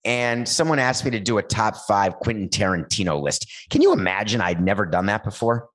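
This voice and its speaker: A man hosting a talk show, riffing playfully and rambling, with sudden jumps in pitch. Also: fairly quick, a bit bright. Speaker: show host. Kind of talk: comedic talk-show monologue with ad read.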